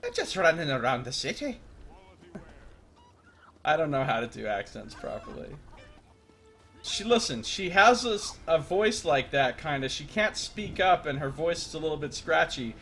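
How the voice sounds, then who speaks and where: A man giving casual, jokey gameplay commentary on a livestream, rambling with loud outbursts. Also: a little high, animated, moderate pace. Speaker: streamer.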